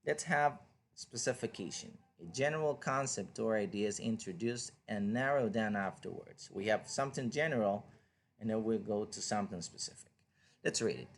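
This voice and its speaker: A man's voice: on the low side, vocal fry, a little hiss or hum. A man whose first language is Spanish, teaching an online English reading lesson in a patient, explanatory way and asking the listener questions. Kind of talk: online lecture.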